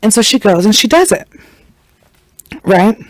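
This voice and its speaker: A woman's voice: medium pitch, big pitch swings, a little slow, no echo, low-quality recording. A woman hosting a podcast, retelling a story in a chatty, slangy way and acting out the quotes. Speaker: podcast host. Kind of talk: casual true-crime storytelling.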